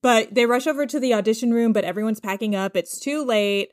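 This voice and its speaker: A woman with a somewhat high voice co-hosts a casual podcast chat. She recaps the plot in a loose, rambling, chatty way. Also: a little fast. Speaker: podcast co-host recapping a drama.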